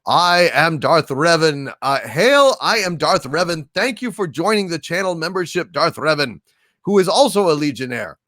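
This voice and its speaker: Male stream host, lively swooping pitch, dry close mic, mock-regal hails, lots of uh and restarts. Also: no echo. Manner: grandiose mock-overlord greetings, halting with many fillers. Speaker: livestream host reading super chats. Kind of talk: casual livestream chat.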